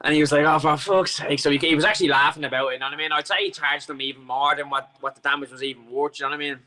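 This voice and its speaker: A man's voice: on the high side, fairly even intonation, very fast, pushed and bright, rough recording. An Irish man on a podcast as a guest, telling a long story in casual chat, rambling with plenty of swearing and restarts.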